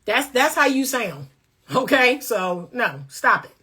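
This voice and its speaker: Preachy woman coach, slightly high voice. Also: sing-song, slow pace, pushed and bright, husky. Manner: preachy, emphatic, blunt. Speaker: relationship coach. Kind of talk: casual faith-based commentary.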